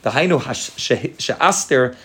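A man giving a Torah class, reading Hebrew lines from a Hasidic text and quickly explaining them in English, often repeating words as he goes. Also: medium pitch, animated, fairly bright tone. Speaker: Torah teacher.

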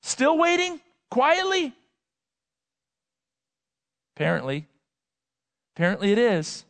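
A male pastor preaching a sermon, emphatic, swinging between loud and quiet and repeating words for effect. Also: very high voice, wildly swooping pitch, slow pace, gravelly. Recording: long hall reverb.

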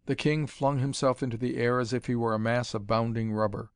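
A man reading an adventure story aloud as narrator, in a measured, dramatic manner. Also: mid-range voice, little pitch movement, smooth, dry recording, clean studio sound. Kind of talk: audiobook reading of pulp adventure fiction.

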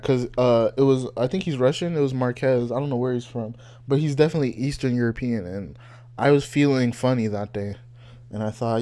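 A young man from Nigeria chatting casually and joking, laughing often, animated and wry. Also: mid-range voice, a little fast. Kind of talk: casual chat.

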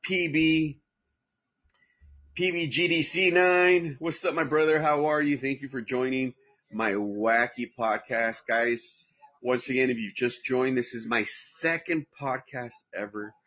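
Podcast host from Southern California, middle-aged man, husky and dull-sounding, rambling and profane. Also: mid-range voice, unhurried, fairly bright tone. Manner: rambling, profane, restarts often. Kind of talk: casual livestream podcast chat.

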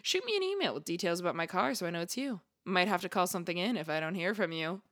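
Bright, lively young woman chatting. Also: lowish voice, quick pace. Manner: laughs often, playful and chatty. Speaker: podcast co-host. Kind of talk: casual chat.

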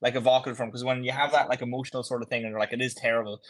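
A man's voice: mid-range voice, flat delivery, rapid-fire. A man co-hosting a casual fitness chat, blunt and frank about how clients move. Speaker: fitness coach, podcast co-host.

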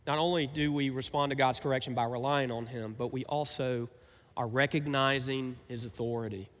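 A man's voice: mid-range voice, fairly even intonation, moderate pace, big-room sound. A man preaching a sermon as pastor, talking conversationally and asking his listeners rhetorical questions.

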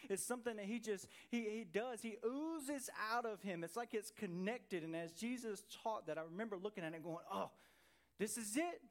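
A middle-aged man preaching a conversational sermon as pastor, animated and full of rhetorical questions. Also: sits high. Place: church sanctuary.

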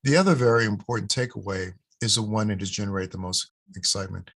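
A man with a lowish, husky voice speaks as a cardiology expert in an interview. He explains in a measured, emphatic way and repeats key points for stress. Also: fairly bright tone. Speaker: cardiologist guest, guideline author.

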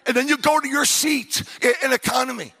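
A man preaching a fervent sermon at a church service, breaking into shouts and rambling through personal stories with many asides. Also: very high-pitched, a little fast, vocal fry, big-room sound. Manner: storytelling with many asides and restarts. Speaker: visiting missionary preacher.

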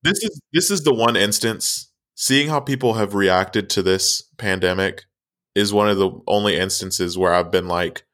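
A man in his twenties co-hosting a casual podcast, animated and quick to laugh, playfully acting out other people. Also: on the low side. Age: 20s. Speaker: podcast co-host.

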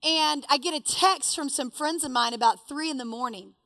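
A woman telling a personal story to a live audience, animated and self-deprecating. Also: high-pitched, normal speed, dry recording.

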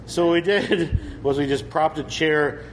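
A man with a slightly raised pitch tells a long tale in loose, casual chat. He rambles through fillers and restarts and keeps breaking into laughter. A faint noise sits behind him. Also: unhurried.

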